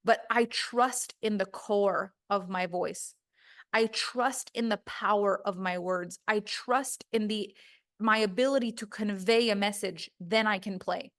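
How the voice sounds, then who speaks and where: A woman's voice: medium pitch, unhurried. Emphatic woman voice coach. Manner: emphatic, animated, acts out quoted voices. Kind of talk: recorded course lesson.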